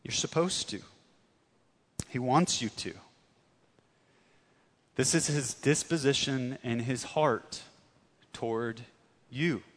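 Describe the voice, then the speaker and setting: A man preaching a sermon earnestly, stressing words and dropping to soft tones for emphasis. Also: medium pitch, takes it slowly, long pauses, long reverb tail. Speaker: pastor.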